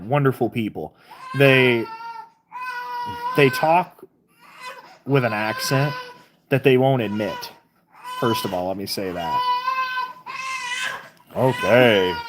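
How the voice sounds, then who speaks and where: A woman's voice: a bass voice, background noise. A woman from southern Missouri with a Southern accent, hosting a casual live stream, chatting with viewers and reading their comments aloud. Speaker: livestream host.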